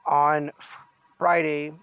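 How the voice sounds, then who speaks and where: A man's voice: fairly high pitch, flat delivery, drawn-out words, a bit bright, clean tone, no echo. A man co-hosting a casual wrestling podcast, teasing and joking with his partner. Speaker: podcast co-host. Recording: dry, muffled lo-fi podcast audio.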